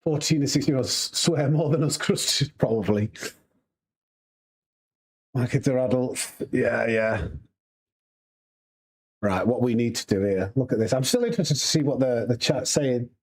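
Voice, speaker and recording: A man's voice: mid-range voice, moderate pace, long pauses, husky. A man with a Yorkshire accent, a sim racing streamer chatting casually and rambling to his live chat while he plays. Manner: chatty, rambling, laughs easily.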